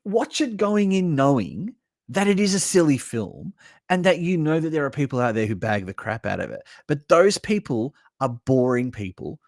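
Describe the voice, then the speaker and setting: A man's voice: on the high side, moderate pace, no room sound. Aussie guy ranting on a live stream, swears a lot, voice goes all over, dry close mic. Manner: animated, blunt and sweary, reads chat comments aloud. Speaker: livestream host reviewing horror movies. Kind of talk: casual live reaction chat.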